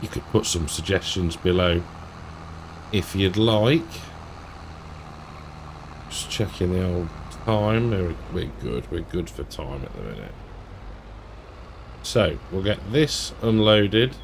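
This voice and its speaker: A man's voice: deep voice, expressive, slow pace, vocal fry, long pauses, slight background noise. A man giving casual let's-play commentary, thinking aloud and chuckling to himself. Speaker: game streamer.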